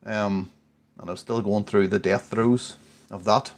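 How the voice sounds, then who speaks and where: A man's voice: lowish voice, steady tone, measured pace. A man in his forties, a little tipsy, telling a rambling, sweary story in casual chat. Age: 40s. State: tipsy from drinking beer. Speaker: podcast regular.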